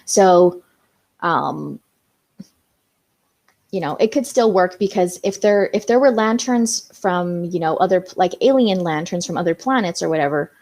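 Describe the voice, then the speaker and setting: A woman's voice: on the low side, animated, unhurried, darkish tone. Chatty young woman hosting a live stream. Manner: chatty, reads out viewer comments, many fillers. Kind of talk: casual live stream chat.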